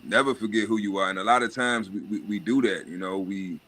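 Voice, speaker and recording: Brief: adult man, livestream host, blunt and animated, punchy bright tone. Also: fairly low pitch, fairly quick, faint music behind. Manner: profane, animated rant with mocking put-on voices. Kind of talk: casual monologue.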